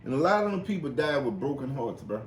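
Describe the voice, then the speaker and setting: A fast-talking podcast host delivers casual, animated stories thick with swearing, switching to high voices for the people involved. Faint noise sits under a roomy echo.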